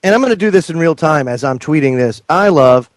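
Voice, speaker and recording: Guy hosting a radio show, kinda high voice, dry sound, loud and jokey. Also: lively intonation, a little fast, no echo. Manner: loud, joking and mocking. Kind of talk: casual live commentary.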